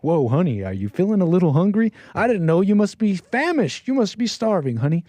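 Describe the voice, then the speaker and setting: A man's voice: sits high, sing-song, fairly quick, warm tone, no room sound. A man putting on the voice of a jealous husband, scolding his wife in a mock-wounded, sing-song way.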